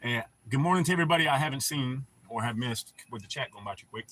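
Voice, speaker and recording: A man's voice: medium pitch, expressive, fast, fairly bright tone, slight background noise. A man hosting a casual livestream, rambling in a laid-back way and swearing often. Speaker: livestream host.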